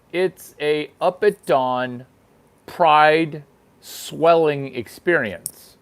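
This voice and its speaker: A man hosting his own show, delivering a crude, rambling comedic monologue that repeats itself. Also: on the high side. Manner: crude, provocative, repeats himself. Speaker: host. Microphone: single microphone, no sound effects.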